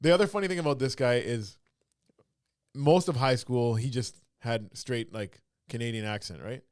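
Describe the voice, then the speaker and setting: A man co-hosting a podcast, telling a story in relaxed conversation and slowing down to mimic what someone said. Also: medium pitch, dry recording, clean studio sound. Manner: storytelling, mimics quotes in a slow mocking voice. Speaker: podcast co-host. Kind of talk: casual chat.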